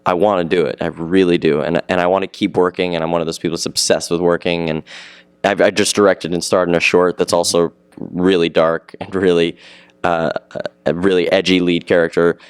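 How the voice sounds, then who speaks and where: A teenage young man with a low, deep voice, speaking eagerly and at length in a relaxed interview. His tone is smooth and clear, and the sound is close and dry with little room echo. He rambles and circles back on his own words. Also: brisk. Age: teens. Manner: eager, rambling, repeats himself. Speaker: actor being interviewed. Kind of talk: casual interview chat.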